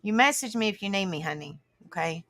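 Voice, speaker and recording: A woman hosts a casual livestream in a medium-pitched voice with lively intonation and a brisk pace. She greets viewers by name and chats warmly, calling them honey and sister and laughing often.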